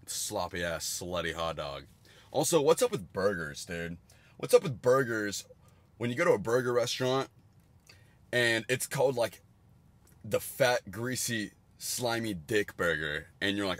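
A young man in his twenties casually reviewing candy on a livestream, rambling and crude with jokey bursts of excitement. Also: on the low side, normal speed.

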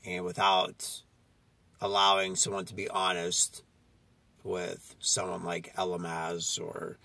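A male preacher delivers a confrontational sermon in a low, gravelly, husky voice. He jabs at his listeners and keeps checking in with "okay?" The sound is dry and close to the mic. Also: monotone, slow, pushed and bright, no echo. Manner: confrontational, repeats "okay?" often. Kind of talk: street-style sermon.

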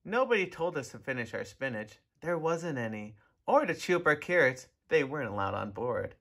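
A man reading a children's picture book aloud in an expressive, animated way. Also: mid-range voice, normal speed, gravelly. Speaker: storybook reader. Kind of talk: children's story read-aloud.

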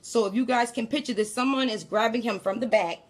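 A woman's voice: on the high side, a little fast. A woman casually telling listeners about a frightening dream, chatting directly to them. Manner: chatty, addresses listeners as y'all. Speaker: storyteller recounting a dream. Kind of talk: casual spoken testimony.

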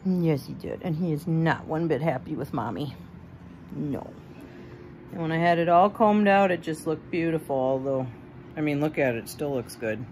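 A woman's voice: low-pitched, lively intonation, normal speed, a little mellow, a little hiss or hum. A woman fussing over her pet guinea pig, cooing and baby-talking to it.

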